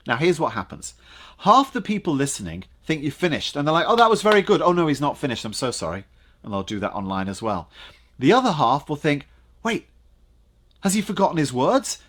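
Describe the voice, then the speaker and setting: A man giving a lively online coaching talk on presenting, speaking to camera and using dramatic pauses and punched words for emphasis. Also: medium pitch.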